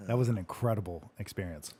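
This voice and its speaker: A man's voice: fairly low pitch, fast talker, mellow, breathy edge. A man hosting a casual livestream Q&A, joking, laughing often and swearing freely. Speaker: livestream Q&A host. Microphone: livestream microphone.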